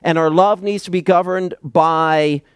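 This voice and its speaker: A man preaching an expository sermon in a deliberate, emphatic way, often reading verses aloud as he explains them. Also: on the high side, fairly even intonation, clear, resonant tone, dry recording, clean studio sound. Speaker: pastor.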